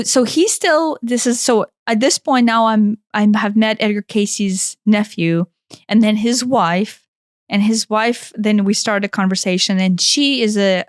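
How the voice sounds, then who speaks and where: Brief: a woman, animated and rambling, recorded very dry and close. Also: mid-range voice, dry recording. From Kentucky, USA. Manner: animated, rambling, with frequent restarts and "like". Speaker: podcast co-host. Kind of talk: casual storytelling chat.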